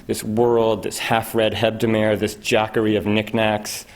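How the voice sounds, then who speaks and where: Low-voiced man reading poetry. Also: completely flat delivery, unhurried, few pauses. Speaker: poet. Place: university event hall.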